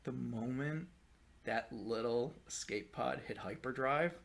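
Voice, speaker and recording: A man co-hosting a podcast in casual chat, animated and exasperated, swinging from loud outbursts to low muttering and swearing freely. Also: measured pace, gravelly. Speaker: podcast co-host.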